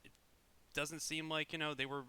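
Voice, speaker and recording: Forceful, resonant male co-host. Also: fairly high pitch, flat delivery, normal speed, smooth. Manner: thoughtful, reasoning aloud with hedges. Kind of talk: casual panel commentary.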